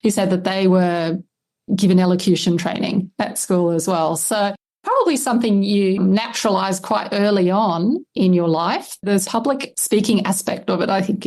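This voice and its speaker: A woman's voice: medium pitch, a little mellow. A middle-aged Australian woman answering interview questions as a historian, thoughtful and explanatory, often hedging her points. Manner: thoughtful, explanatory, hedges with "I guess". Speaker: historian and lexicographer guest.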